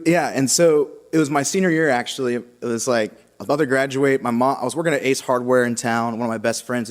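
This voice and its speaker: A young man sharing his personal faith story with a congregation, halting and casual with many fillers and restarts. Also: medium pitch. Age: young adult. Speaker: seminarian giving a vocation talk. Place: large church. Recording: long church reverb.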